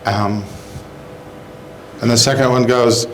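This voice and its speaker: Slow, rambling man telling jokes. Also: mid-range voice, fairly even intonation, slight background noise, low-quality recording. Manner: halting, rambling, with bursts of exaggerated crying in his jokes. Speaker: comedy show joke teller. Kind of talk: casual joke telling.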